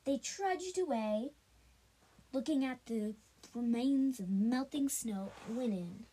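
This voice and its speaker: A woman spins a homemade story slowly, stopping and restarting her sentences often. Her voice is high and moves animatedly up and down. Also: lively intonation, mellow, breathy edge, poor audio. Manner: halting, with many restarts and fillers. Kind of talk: improvised storytelling.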